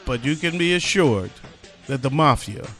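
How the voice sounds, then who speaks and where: A man's voice: medium pitch, expressive, normal speed, a bit bright, soft background music. A man hosting a comedic news talk show, reading odd stories with loose, profane wisecracks. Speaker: podcast host.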